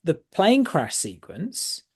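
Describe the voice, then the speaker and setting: A man's voice: high voice, huge pitch swings, slow pace, darkish tone, breathy edge. A man co-hosting a podcast, chatting casually about a film in a rambling way, with restarts and frequent laughs. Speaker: podcast co-host. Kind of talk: casual film-review chat.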